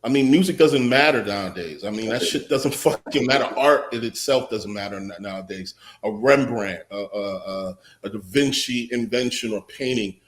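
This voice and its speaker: A man's voice: on the low side, moderate pace, hardly any pauses. A man on a panel talking in a casual chat, emphatic and profane, repeating himself for effect. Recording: roomy echo.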